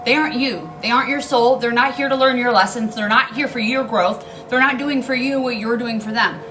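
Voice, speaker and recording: A woman's voice: a little high, steady tone, fairly quick, a bit bright, rough recording. A woman giving a casual tarot reading, blunt and emphatic, swearing freely and repeating key lines for emphasis. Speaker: tarot card reader.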